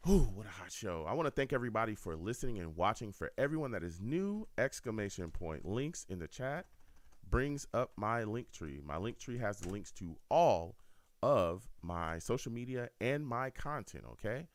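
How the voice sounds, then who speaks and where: A man hosts a fan call-in radio show in a very low, deep voice at a moderate pace. He talks casually to listeners in an animated, repetitive way, and the sound is dry and close with no room echo.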